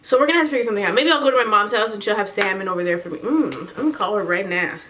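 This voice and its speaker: A woman's voice: medium pitch, lively intonation, very fast, a bit bright, slight background noise. Chatty young woman vlogging. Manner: chatty, laughs often, slangy. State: pregnant. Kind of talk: casual pregnancy update vlog.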